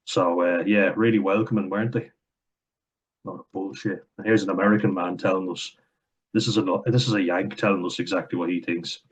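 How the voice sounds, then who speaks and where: A man's voice: low-pitched, steady tone, brisk, husky, low-quality recording. A young Irish man with a blunt, sarcastic, sweary way of talking, reacting to comments in casual commentary. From Ireland.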